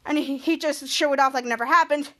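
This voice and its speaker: A woman podcast host walks through a sitcom episode scene by scene, halting and restarting as she goes. Her voice is very high and bright. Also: fairly even intonation. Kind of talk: casual episode recap.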